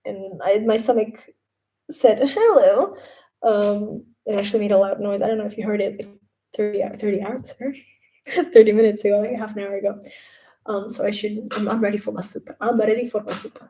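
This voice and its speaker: A young woman chatting casually on a live stream from home, rambling and animated when quoting others. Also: mid-range voice, a little fast.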